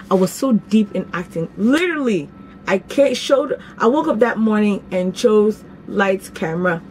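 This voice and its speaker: A young woman vlogging at home, telling a story in a casual, animated, dramatic way with sudden jumps in pitch. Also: slight background noise.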